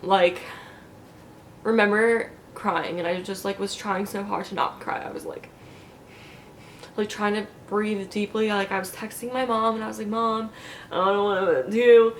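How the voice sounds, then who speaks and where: A young woman chats straight to the camera, retelling a recent ordeal in loose, filler-packed sentences and laughing between quoted bits of dialogue. Her voice sits at an ordinary middle pitch. A faint low rumble runs underneath. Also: steady tone, normal speed. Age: young adult. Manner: chatty, lots of "like" and quoted asides, laughing often. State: recovering from neck surgery. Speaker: vlogger. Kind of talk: casual storytelling vlog.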